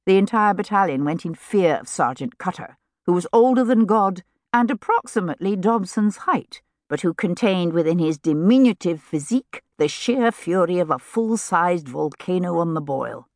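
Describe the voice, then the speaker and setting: A woman narrating a novel in a measured, lightly amused way. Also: on the low side, expressive, a little mellow, no echo, studio quality. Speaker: audiobook narrator. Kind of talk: scripted narration. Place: recording studio.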